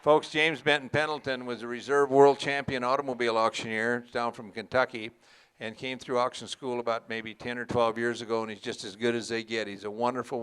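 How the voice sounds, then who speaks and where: A man's voice: medium pitch, bright, forceful tone, clear, resonant tone. Folksy male auction emcee. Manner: folksy, joking, addresses the crowd as folks. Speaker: auction school instructor and emcee.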